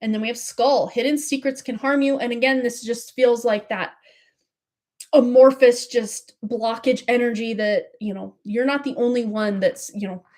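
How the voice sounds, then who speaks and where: A woman's voice: on the high side, fairly even intonation, normal speed, a little mellow. A woman giving a live tarot reading in a chatty, rambling way, laughing often. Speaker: tarot reader.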